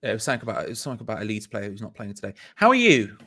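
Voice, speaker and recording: A man's voice: lowish voice, very animated, rapid-fire, sharp tone. A man, co-hosting a football fan channel in playful, laid-back, teasing live chat. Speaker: co-host.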